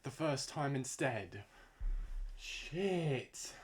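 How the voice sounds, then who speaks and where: A man's voice: mid-range voice, expressive, extremely slow, a little hiss or hum. A young man, giving frustrated, swear-filled commentary on his own gameplay. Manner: frustrated, swearing rants to himself. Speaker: gamer. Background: music.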